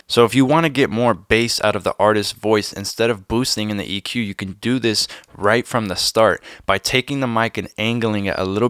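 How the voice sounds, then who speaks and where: A man's voice: lowish voice, fairly bright tone, dry recording, studio quality. A young man, a music producer, giving a plain step-by-step tutorial on recording vocals. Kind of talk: instructional tutorial.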